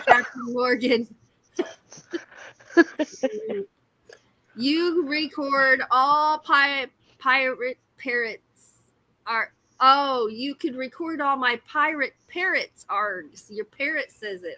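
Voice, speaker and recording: A woman's voice: high voice, animated, slow, bright, forceful tone, dry recording, low-quality recording. A woman, hosting a casual livestream chat while crocheting, giggly and self-deprecating. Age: 50s. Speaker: livestream host.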